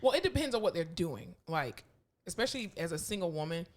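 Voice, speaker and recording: A woman co-hosting a podcast in casual chat, candid, laughing often and acting out quotes loudly. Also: fairly low pitch, fairly quick. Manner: animated storyteller, acts out quotes loudly. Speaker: podcast co-host.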